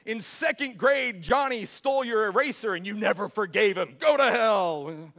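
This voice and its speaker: A man voicing a stern, judgmental God who condemns someone at heaven's gate, booming and harsh. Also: lively intonation, a bit bright. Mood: condemning. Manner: booming, harsh, slow final verdict.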